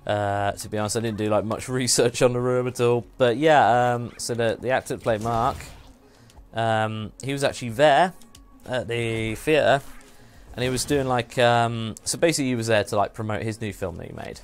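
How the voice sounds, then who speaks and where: A man's voice: mid-range voice, normal speed, clean tone, faint music behind. Rambling man streaming a game. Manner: rambling, self-deprecating, laughs often. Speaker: streamer host. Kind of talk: casual live-stream chat while gaming.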